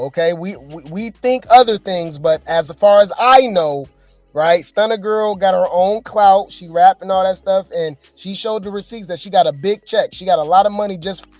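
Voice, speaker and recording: A man's voice: high voice, a little mellow, no room sound. A man hosting casual gossip commentary, chatty and rambling, with lots of fillers. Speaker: commentary host.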